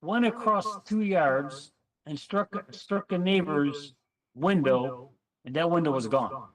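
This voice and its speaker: A man casually telling a story on a chat panel, animated and acting out what people said. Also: fairly high pitch, slow pace, recorded from a distance, low-quality recording. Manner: animated storyteller, acts out quotes.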